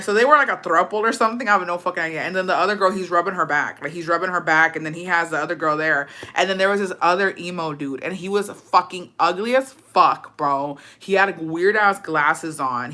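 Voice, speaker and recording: Woman in her 30s on a live, swearing a lot, bright voice, blunt slangy storytelling. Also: fairly low pitch, moderate pace, hardly any pauses. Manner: profane, blunt, slangy, switches into Spanish words. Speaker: livestreamer. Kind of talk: casual storytelling on a livestream, reading comments.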